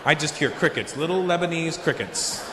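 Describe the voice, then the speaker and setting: A man doing stand-up comedy, telling a story with lively delivery and acting out the people he meets. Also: a little high, moderate pace, echoey room, big-room sound, heavy background noise.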